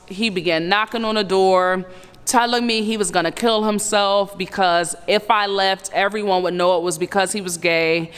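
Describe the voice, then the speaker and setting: A woman in her thirties earnestly recounting a painful personal story, halting and full of fillers. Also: mid-range voice, a bit bright, smooth, long reverb tail. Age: 30s. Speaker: survivor telling her story. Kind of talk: personal testimony.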